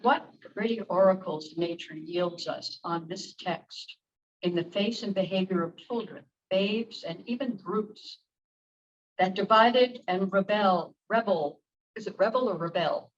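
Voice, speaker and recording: A woman reading a text aloud to a group, careful and deliberate, now and then stumbling over a word. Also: medium pitch. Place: church meeting room. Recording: distant, dull room recording with faint noise.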